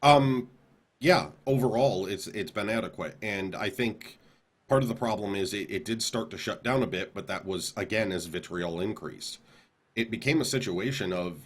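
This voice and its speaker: A man's voice: lowish voice, moderate pace, breathy edge. A man co-hosting a podcast, talking casually and rambling, repeating words as he builds his points. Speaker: podcast co-host.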